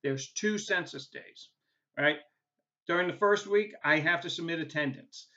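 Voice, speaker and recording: A man's voice: on the high side, normal speed, sharp tone. A man with a New England accent, a college instructor talking casually through a recorded course welcome video, often checking in with "right?". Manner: casual and chatty, tags points with "right?", many "uh" fillers. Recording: dull lo-fi recording.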